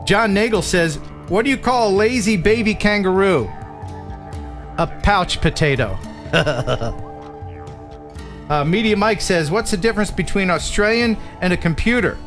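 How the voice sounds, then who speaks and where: Jokey American male stream host with a higher voice, over faint music. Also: expressive, a little slow, long pauses, a bit bright. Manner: jokey, laughs often, reads out viewer jokes. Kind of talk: casual live-stream chat.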